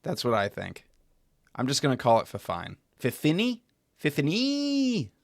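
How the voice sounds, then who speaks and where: This is a young American man streaming a beer tasting from home, casually swearing, drifting off mid-sentence and chatting loosely with his audience. Recorded dry and clean on a desk microphone, his voice is fairly low, with vocal fry and a normal speaking speed.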